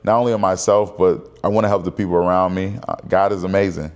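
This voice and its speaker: Speaking fast in a deep, steady voice, a man in his thirties talks candidly to camera. It's a casual personal vlog, rambling and conversational.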